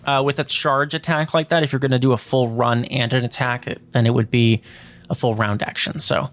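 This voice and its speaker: Relaxed male game master, mid-pitched. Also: a little fast. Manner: relaxed, hesitant, lots of fillers while ruling. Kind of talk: narrating a tabletop game.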